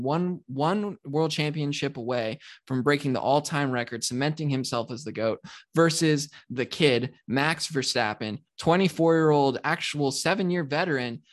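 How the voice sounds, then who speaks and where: A man co-hosting a podcast, telling a sports story in an animated, ranting way. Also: mid-range voice. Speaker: podcast co-host. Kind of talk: casual podcast chat.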